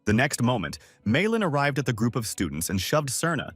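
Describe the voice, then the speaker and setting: A man's voice: mid-range voice, sing-song, brisk, fairly bright tone, breathy edge, dry recording. A man narrating a comic story recap in a scripted, storytelling way. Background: faint music.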